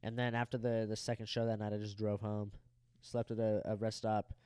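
A young man co-hosting a podcast, telling a crude story in a loose, animated way and acting out the people in it. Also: fairly low pitch, brisk, smooth, no echo, clean studio sound. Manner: animated, profane, acts out quoted people. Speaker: podcast co-host.

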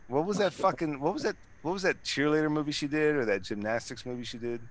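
A man's voice: a little high, fast talker. A man in casual chat, rambling and swearing, with many restarts and fillers.

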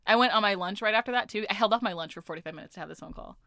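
A woman's voice: mid-range voice, rapid-fire, gravelly, no echo, studio quality. A young woman telling a story in casual podcast chat, acting out the people in it and laughing often. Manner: animated storytelling, acts out callers, laughs often. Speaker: podcast co-host.

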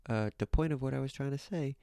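A man's voice: mid-range voice, quick pace, gravelly, dark tone, clear, resonant tone, no room sound, clean studio sound. A young man streaming, ranting casually into his own mic, swearing, repeating himself and dropping into whispers. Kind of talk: casual rant to chat. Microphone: own desk mic.

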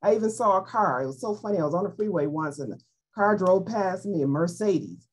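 Woman Bible teacher, lively pitch, slightly husky, informal and playful delivery. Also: brisk. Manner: animated, playful, acts out voices in quotes.

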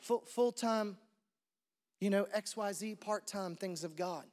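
A man's voice: sits high, unhurried, a little mellow, long reverb tail. A man preaching a sermon as pastor, conversational and repeating his questions for emphasis. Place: church.

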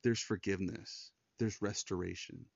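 Earnest low-voiced man, dull dry sound. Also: fairly even intonation, moderate pace, creaky, no echo. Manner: earnest, repeats words and restarts when moved. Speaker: Christian podcast host. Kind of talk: earnest personal monologue.

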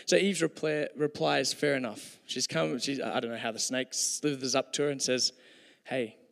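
Preacher with a gravelly voice. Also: male voice, mid-range voice, fairly even intonation, normal speed, fairly bright tone. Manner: conversational, joking asides. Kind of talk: sermon. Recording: hall reverb.

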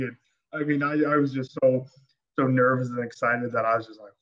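A man from Alberta, Canada, a podcast guest telling a story in casual chat, excitable and rambling with many restarts. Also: mid-range voice, fast talker. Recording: dull lo-fi podcast audio.

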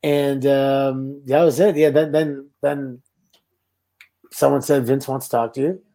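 Middle-aged Canadian man, warm mellow guest voice, easygoing laughing storyteller. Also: medium pitch, measured pace, gravelly. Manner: relaxed, laughing anecdotes. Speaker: guest, former pro wrestler. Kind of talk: casual storytelling.

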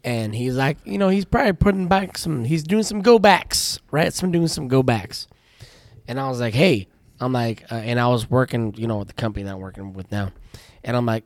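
A man's voice: medium pitch, lively intonation, normal speed, no echo. A man co-hosting a casual podcast, ranting through profane stories about his work at a tire shop. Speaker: podcast co-host.

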